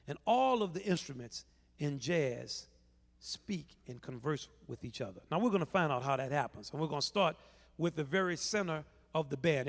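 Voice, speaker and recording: A man's voice: fairly high pitch, vocal fry. A middle-aged man with a New Orleans accent, leading a playful live music lesson for children and teasing the crowd with call and response. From New Orleans, USA. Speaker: bandleader teaching children. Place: large convention hall stage, live audience. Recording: long reverb of a big hall.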